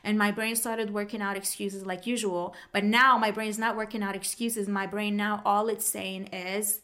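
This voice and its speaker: A woman's voice: medium pitch, little pitch movement, moderate pace, fairly bright tone. A woman whose first language is French, telling her personal story candidly and acting out her past thoughts. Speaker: podcast host.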